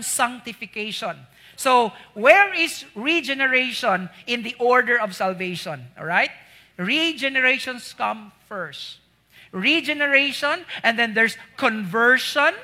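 A man's voice: very high voice, pushed and bright. A man with a Filipino accent preaching a sermon. He teaches step by step, asks the congregation questions, repeats key words, and rises sharply on emphatic points. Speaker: pastor.

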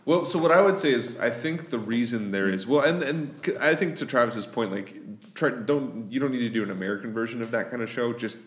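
A man's voice: medium pitch, a little fast, few pauses, reverberant. A man in a casual podcast chat, thinking aloud with restarts and ending his points with "right?".

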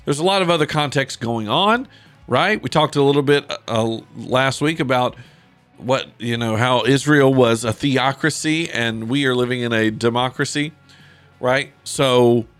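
A man's voice: mid-range voice, measured pace, fairly bright tone, soft background music. A man who is a pastor, teaching from the Bible in a casual, conversational podcast, reading scripture aloud between loose asides and fillers.

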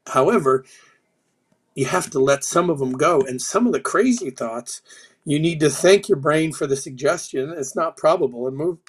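Blunt, profane middle-aged man. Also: on the high side. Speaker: podcast guest, retired sergeant major. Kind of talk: casual interview chat.

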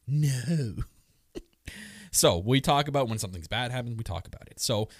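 Excitable male podcast co-host, dry mic. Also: medium pitch, brisk, no room sound. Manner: excitable, joking, many restarts. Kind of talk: casual wrestling chat.

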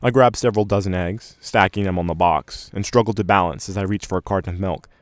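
Deep-voiced man narrating fiction. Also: fast talker, dry recording. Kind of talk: first-person fiction narration.

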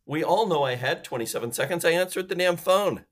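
On a sales podcast, a guest expert with a fairly high, animated voice explains things with emphasis, talking a little fast. He acts out phone calls by putting on different voices.

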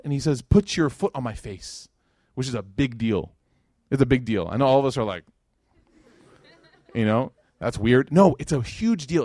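A man giving a religious lecture to a live audience, telling stories in a lively, casual way with plenty of slang and fillers. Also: mid-range voice, no room sound, studio quality. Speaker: Islamic lecturer.

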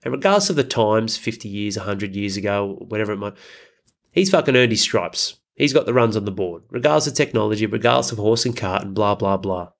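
A man's voice: fairly low pitch, animated, brisk, vocal fry. Blunt, swearing man. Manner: blunt and profane, heavy swearing. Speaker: podcast host. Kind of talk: casual motivational podcast monologue.

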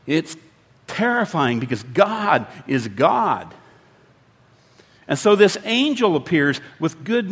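A man preaching a sermon, retelling a scripture story in a lively way and acting out the quoted lines with sudden loud bursts. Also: on the high side, big-room sound. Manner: lively storytelling, acts out quotes with big swings. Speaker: pastor.

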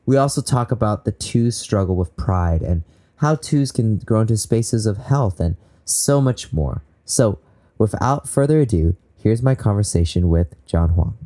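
A man's voice: fairly low pitch, expressive, measured pace, dark tone. A young man from Southern California hosting a faith podcast, upbeat and eager, laughing often. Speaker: podcast host. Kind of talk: casual faith podcast talk.

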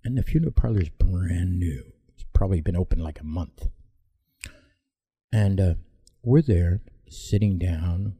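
A man's voice: low-pitched, unhurried, pauses often, dark tone, breathy edge, no room sound. A man casually telling a rambling personal story to his viewers, bluntly correcting himself as he goes.

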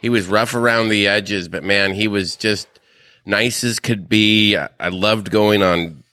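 A man's voice: lowish voice, steady tone, measured pace, bright, forceful tone, dry recording. A man co-hosting a podcast, telling stories and chatting in an easygoing way. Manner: easygoing anecdotal storytelling. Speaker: podcast co-host. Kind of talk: casual chat.

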